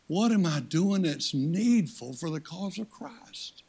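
An older man preaching a folksy sermon as guest speaker, swinging from loud, high-pitched exhortation to hushed, low appeals. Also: lively intonation, slow, vocal fry, husky.

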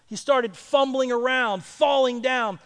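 A male pastor telling a story in a sermon and building to loud, emphatic preaching. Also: very high-pitched, measured pace, clear, resonant tone, big-room sound.

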